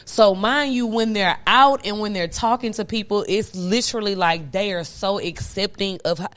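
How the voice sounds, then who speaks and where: A young woman hosting a podcast, chatting casually in an animated, emphatic way with plenty of profanity. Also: mid-range voice, normal speed. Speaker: podcast host. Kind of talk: casual chat.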